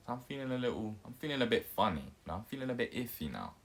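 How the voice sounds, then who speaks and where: A man's voice: mid-range voice, very fast, few pauses, a little hiss or hum. A young man telling a story in a casual, jokey way and acting out the quotes. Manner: animated, jokey, acts out quotes.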